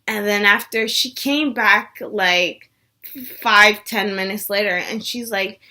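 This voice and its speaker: A woman's voice: medium pitch, slow, pushed and bright. A young woman vlogger telling a personal story in a casual chat, saying "like" a lot. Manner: chatty, says "like" a lot.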